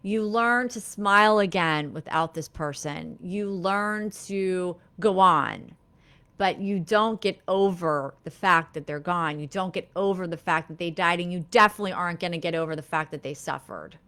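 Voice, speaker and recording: Therapist lady on a live stream, soft and reflective, lots of ums and restarts, lower pitch. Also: moderate pace. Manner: gentle, reflective, many fillers and restarts. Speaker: therapist and live show host. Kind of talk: live-streamed talk to viewers.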